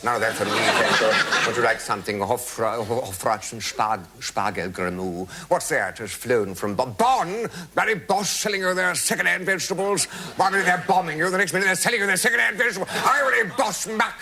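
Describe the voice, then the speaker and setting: A man playing a pompous old blimp, bright voice, indignant spluttering. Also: a little high, a little fast, few pauses, voice pushed up. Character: blustering xenophobic old English colonel type.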